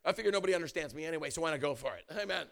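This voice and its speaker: Casting: high-pitched male preacher, lively storyteller, bursts into shouts. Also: very fast, creaky. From United States. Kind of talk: storytelling sermon.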